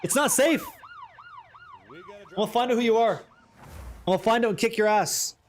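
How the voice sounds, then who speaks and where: Dude streaming, pretty high voice, hyped and cussing, talking to chat nonstop. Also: male voice, moderate pace. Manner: excitable, profane, bantering with chat. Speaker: game streamer. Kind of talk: live gameplay commentary chatting with viewers.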